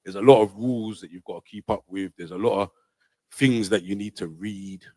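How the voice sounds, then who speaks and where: A man's voice: on the low side, a little fast, no echo, poor audio. Dry-sounding man hosting a casual livestream. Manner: loose, repeats himself, loudness rises and falls. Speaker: livestream host.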